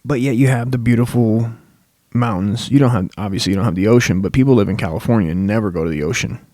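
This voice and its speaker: A man's voice: on the low side, fast talker, a little mellow, dry recording. A young man hosting a comedy podcast, rambling through a crude, profane monologue full of swearing.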